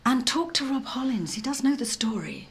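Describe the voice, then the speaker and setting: A woman's voice: high-pitched, expressive, roomy sound. An actress playing a practical, supportive woman who coaxes and advises in a TV drama. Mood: coaxing. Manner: brisk and coaxing. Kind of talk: TV drama acting.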